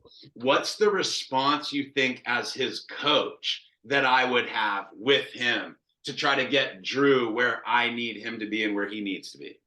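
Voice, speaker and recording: Thirties guy, qb coach, swears a ton, acts out quotes, bright punchy voice. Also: medium pitch, unhurried, reverberant, poor audio. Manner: profane, animated storytelling with acted quotes. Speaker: quarterback coach. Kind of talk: casual coaching talk.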